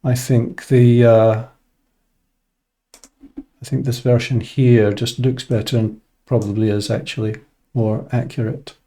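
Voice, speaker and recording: Male English teacher, unhurried explainer, warm dark tone, filler-heavy delivery. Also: mid-range voice. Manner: relaxed, thinking aloud with many fillers. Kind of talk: casual explanatory lesson.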